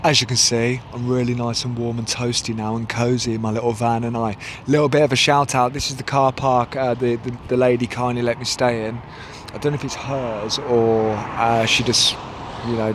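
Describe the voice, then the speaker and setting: Male vlogger, mid-pitched, loose rambling chat, slight background noise. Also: little pitch movement, normal speed. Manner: rambling, chatty, self-correcting. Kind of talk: casual vlog chat. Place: outdoors, then inside a parked van.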